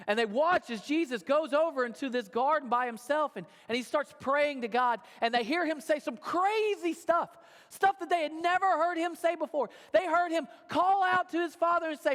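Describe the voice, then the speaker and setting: High-voiced male pastor in a reverberant church. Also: expressive, normal speed, a bit bright. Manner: conversational, tags lines with "right?". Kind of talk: casual sermon storytelling. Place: church auditorium. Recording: long church-hall reverb.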